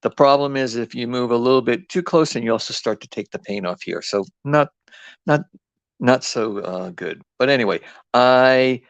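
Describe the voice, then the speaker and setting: A man's voice: mid-range voice, creaky, no room sound. A man with an East Coast accent hosting a live craft demo, rambling and chatty with lots of ums and restarts. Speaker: craft host.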